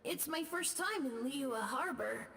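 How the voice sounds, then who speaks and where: A woman voicing a timid, gentle, lost boy ghost in a video game, who speaks softly and apologetically. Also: high voice, expressive, unhurried, gravelly, slight background noise, heavily acted. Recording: game audio with faint music.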